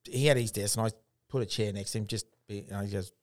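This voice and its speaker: A man's voice: lowish voice, quick pace, no room sound, studio quality. Plain-spoken Australian man telling stories. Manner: plain-spoken, animated storyteller with many restarts. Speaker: guest, former Aboriginal education worker. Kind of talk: casual storytelling chat.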